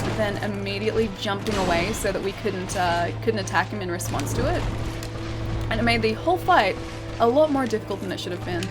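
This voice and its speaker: An Australian woman streaming a game, chatting casually with her viewers, reading out their comments and reacting to the fight with frequent laughs. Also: mid-range voice. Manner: chatty, laughs often, reads chat aloud and reacts to the fight. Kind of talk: casual live-stream chat while gaming. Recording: game music clear behind the voice. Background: game music.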